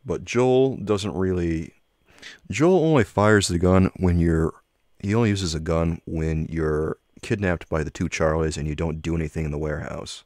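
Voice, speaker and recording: Low-voiced man chatting over a game. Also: moderate pace, a little mellow, dry recording, studio quality. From United States. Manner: chatty, joking with viewers. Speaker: let's play host. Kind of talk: casual gameplay commentary.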